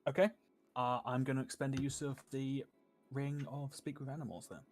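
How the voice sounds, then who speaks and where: A man's voice: medium pitch, flat delivery, a little fast, soft background music. A man playing a tabletop game, thinking aloud in a hesitant way. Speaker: player. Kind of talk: casual tabletop play.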